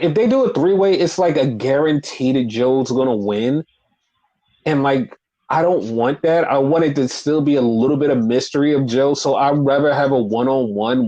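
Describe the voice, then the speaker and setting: A man chatting casually on a podcast, recapping wrestling with lively, swearing retellings and acted-out quotes. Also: medium pitch, lo-fi sound. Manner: animated, swears freely, acts out quotes. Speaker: podcast co-host.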